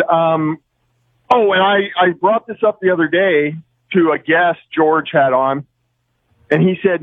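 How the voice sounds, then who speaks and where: A man's voice: a little high, no echo. A male radio caller from Oregon, rambling and hesitant as he repeats himself. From Oregon, USA. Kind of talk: phone-in conversation. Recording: tinny dry phone line.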